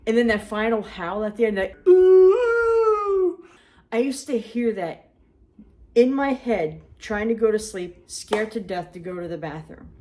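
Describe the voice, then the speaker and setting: A woman co-host tells stories from her childhood in a casual, chatty way. Her voice sits at an everyday middle pitch. She keeps her anecdotes lively. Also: moderate pace. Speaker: podcast co-host. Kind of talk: casual storytelling.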